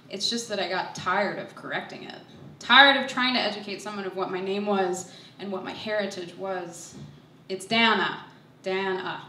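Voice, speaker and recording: A woman's voice: medium pitch, sharp tone, a little hiss or hum. A young woman telling a personal story on stage, nervous and self-deprecating, laughing through her lines. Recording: echoey hall, voice from far off.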